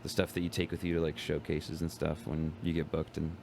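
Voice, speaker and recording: Laid-back low-voiced young man. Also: completely flat delivery, brisk, gravelly, noisy background. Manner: laid-back, rambling, lots of "like" and "bro". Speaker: guest comedian. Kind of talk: casual podcast chat.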